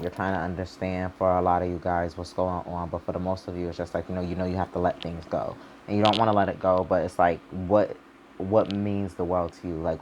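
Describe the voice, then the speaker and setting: A man's voice: sits low, a little mellow, lo-fi sound, a little hiss or hum. A man doing a casual, rambling tarot reading for his channel, full of fillers and loose, informal talk with the odd swear word. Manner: loose and rambling, heavy on "like" and "you know". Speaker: tarot reader.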